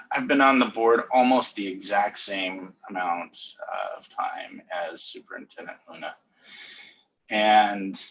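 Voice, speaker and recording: A man, a school board vice president, speaking slowly and searching for words as he gives heartfelt thanks at a virtual meeting. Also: lowish voice, pushed and bright, muffled recording, a little hiss or hum. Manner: slow, moved, searching for words. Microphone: video call.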